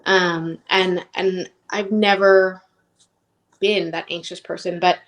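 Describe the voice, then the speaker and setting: A woman's voice: fairly low pitch, little pitch movement, takes it slowly. A woman in her thirties telling her personal story as an interview guest, rambling and emotionally open with lots of "like".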